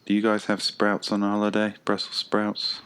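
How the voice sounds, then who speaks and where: A man's voice: on the low side, completely flat delivery, normal speed, a bit bright, clear, resonant tone. A man with an English Midlands accent chatting casually on a podcast and laughing easily. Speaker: podcast co-host. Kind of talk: casual chat.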